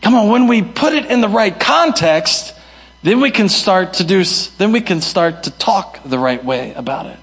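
A man preaching a sermon as pastor, moving between sudden high shouts and soft low asides, and acting out the voices of people he quotes. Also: lively intonation, moderate pace.

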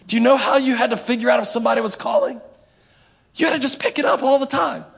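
High-voiced preacher, lively and joking. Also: male voice, fast talker, creaky, husky. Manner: animated, humorous, acts out little scenes. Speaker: pastor. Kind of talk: sermon. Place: church sanctuary.

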